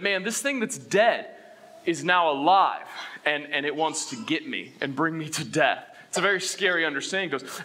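A male pastor delivers an animated sermon in a bright, forceful voice pitched a little high for a man. He quizzes the room and swings from loud bursts to quiet, heavy lines.

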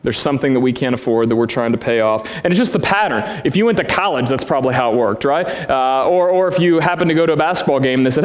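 A man in his thirties delivers a sermon in a relaxed, earnest way, dropping casual asides between points. His voice sits a little high for a man. The sound carries a long reverb from a church sanctuary. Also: fast. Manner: earnest, conversational preaching with asides. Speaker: pastor.

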